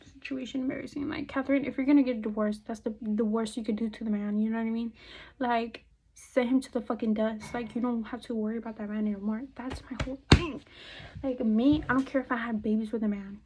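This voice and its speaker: A young woman with a slightly high voice talks through her makeup routine in loose, profane chat. She rambles from one topic to the next and now and then drops to a murmur or half-whisper. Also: steady tone, quick pace, mellow, a little hiss or hum, rough recording. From California. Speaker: beauty vlogger. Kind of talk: casual chat while doing makeup.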